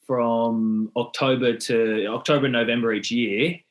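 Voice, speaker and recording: A young adult man from Australia with an Australian accent, a podcast guest explaining things in a relaxed way with frequent fillers. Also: mid-range voice, a little slow. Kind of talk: casual chat.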